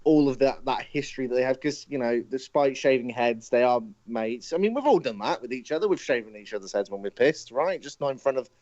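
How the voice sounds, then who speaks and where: A man running the timeline on a casual live show, relaxed and a little sweary. His voice comes through dry and slightly muffled, like a modest home mic. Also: medium pitch, brisk, few pauses, dry recording. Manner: steers the talk, swears casually. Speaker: podcast co-host.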